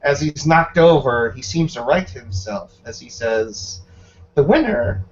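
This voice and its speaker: A man running a tabletop game as game master, describing the scene in a measured way. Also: medium pitch, slight background noise. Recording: dull lo-fi recording.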